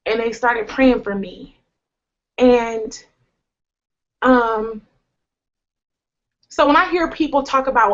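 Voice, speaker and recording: A woman's voice: a little high, takes it slowly, pauses often. Brief: young woman host, earnest and candid, slangy humor, slightly muffled recording. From United States. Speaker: host sharing a personal testimony. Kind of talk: candid conversational testimony.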